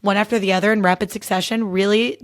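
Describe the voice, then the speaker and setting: A woman's voice: medium pitch, fairly even intonation, fast talker. Chatty young woman podcast host. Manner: chatty and candid, heavy use of "like". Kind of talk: casual solo podcast recap.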